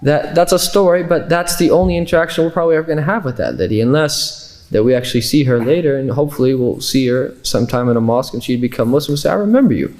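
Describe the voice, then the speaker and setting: Man, from Kansas City Missouri, Islamic teacher, classroom lecture, conversational, anecdotes, middle pitch. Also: fast, darkish tone. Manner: conversational, loose with restarts and fillers.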